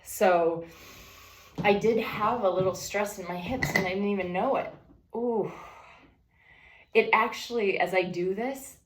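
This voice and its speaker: Woman chatting thru her stretches at home, soft sighs, kinda far from the mic, roomy echo. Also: mid-range voice, unhurried, pauses often, background noise. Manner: calm, breathy, sighing while stretching; moving and stretching while talking. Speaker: vlogger leading a stretching routine. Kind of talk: casual narrated stretching session. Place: room at home. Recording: echoey room, away from the mic.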